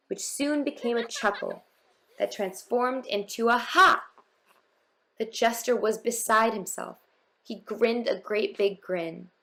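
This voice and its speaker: A woman's voice: mid-range voice, a bit bright. A woman narrating a rhyming children's storybook in a lilting, rhythmic reading.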